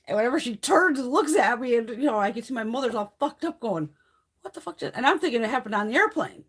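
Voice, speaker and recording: A middle-aged woman hosting a casual beauty livestream, telling stories in a profane, animated way. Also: fairly high pitch, fast talker, slightly rough.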